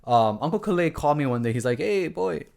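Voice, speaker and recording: Hawaiian guy vlogging, earnest rambling storytelling, keeps restarting, medium pitch voice. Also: expressive, fast talker, darkish tone. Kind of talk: casual storytelling vlog.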